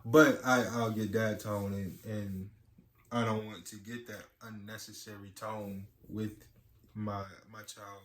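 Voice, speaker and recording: A man's voice: lowish voice, level tone, measured pace, a bit bright. A young adult man co-hosting a casual chat about marriage, talking in a rambling way full of "you know"s. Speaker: podcast co-host. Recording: echoey room with faint ambience.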